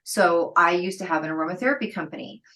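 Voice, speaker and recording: A middle-aged woman, a guest entrepreneur, telling stories in an interview, lively and laughing, acting out the people she quotes. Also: fairly low pitch, quick pace, low-quality recording. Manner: lively, acts out quoted dialogue, laughs often. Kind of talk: storytelling interview talk.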